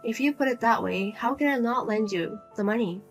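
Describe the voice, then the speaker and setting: A woman's voice: fairly high pitch, brisk, faint music behind, voice pushed down, lightly acted. A woman voicing a single adult daughter who speaks bluntly and coldly to her mother. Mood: firm, exasperated. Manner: blunt, cold, lecturing.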